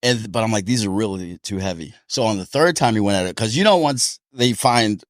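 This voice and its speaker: Animated laughing man telling boxing stories. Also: on the low side, brisk, no room sound, studio quality. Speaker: podcast co-host, boxer. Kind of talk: casual chat.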